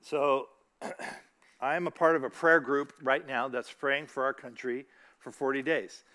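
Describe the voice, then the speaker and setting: A man's voice: mid-range voice, steady tone, measured pace, pushed and bright. A middle-aged man giving a casual sermon, chatty, asking the audience questions and reciting scripture. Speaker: church speaker.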